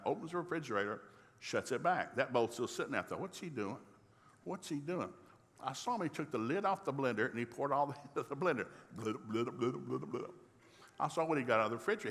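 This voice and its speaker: An older man, a pastor from the rural South, tells a family story in a folksy, animated sermon. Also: mid-range voice, big-room sound. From rural American South.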